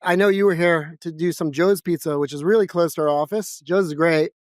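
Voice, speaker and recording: Fast-talking New York man. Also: a little high, dry recording, clean studio sound. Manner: fast, energetic, blunt. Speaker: guest, financial advisor. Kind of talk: casual interview. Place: office.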